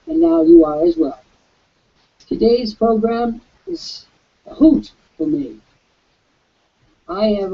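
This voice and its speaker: Man, high gravelly voice, big sweeping pitch swings, pompous salesman pitch, muffled lo-fi webcast sound. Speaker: host and author pitching an offer. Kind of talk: promotional webcast talk. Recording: dull lo-fi webcast audio.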